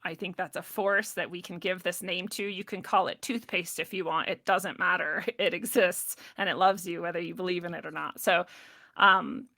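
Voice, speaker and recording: Bright, animated woman telling a story. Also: on the low side, moderate pace, no room sound. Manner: animated, laughs often, acts out what people said. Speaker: podcast guest. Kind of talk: casual personal storytelling.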